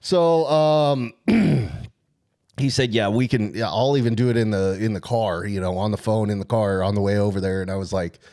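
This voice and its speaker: A man co-hosting a casual sports podcast, telling a long story in an excited, rambling way. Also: lowish voice, moderate pace. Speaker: podcast co-host.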